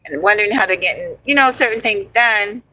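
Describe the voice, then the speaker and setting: A woman in her forties telling a story from her past in a casual, animated, profane way, calling her listeners honey and y'all. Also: mid-range voice, brisk, low-quality recording. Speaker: storyteller host.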